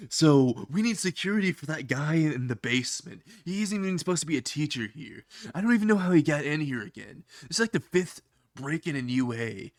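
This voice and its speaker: A man's voice: on the high side, expressive, a little fast, dry recording, pitched above the performer's own voice. A man doing a grumbling teacher announcer. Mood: annoyed. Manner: casual announcing. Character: loud complaining male teacher announcer.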